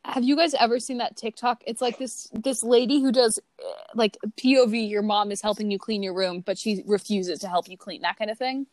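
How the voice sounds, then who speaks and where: A woman's voice: on the high side, a little fast, a little mellow, no echo. A young woman hosting a casual podcast chat, playful and asking questions, often mimicking others. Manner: playful, asks questions, imitates voices. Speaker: podcast host.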